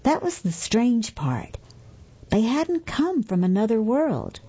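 A woman reading a story aloud as narrator, in unhurried scripted narration. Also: fairly high pitch, sing-song, warm tone, husky. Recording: dull, muffled recording.

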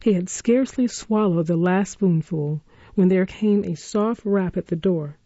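A woman narrating a classic story in a measured, expressive reading voice. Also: on the low side, dry recording. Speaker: audiobook narrator. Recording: dull, dry lo-fi recording.

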